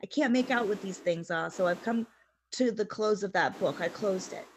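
A woman on a podcast, telling a story in a loose, chatty way and acting out little bits of dialogue as she goes. She lands in the middle of the usual pitch range, with a faint hiss of noise under her voice. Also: normal speed. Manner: animated retelling, acting out quotes with lots of "like". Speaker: podcast co-host. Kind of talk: casual storytelling chat.

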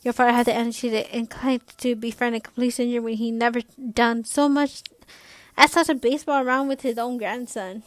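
A young woman reading aloud as a blunt, scornful middle-aged father who talks loudly. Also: on the high side, fairly even intonation, brisk, dry recording, close to an everyday voice.

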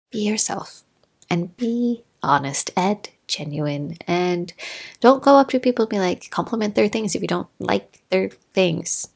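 In her thirties, this Norway-based podcaster hosts a casual solo show, her lowish voice full of vocal fry. She's chatty and animated, laughing as she tells stories and acts out quotes.

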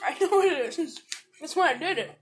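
High-voiced teasing woman. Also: expressive, normal speed. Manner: teasing, goading, laughs easily. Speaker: podcast co-host. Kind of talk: casual chat.

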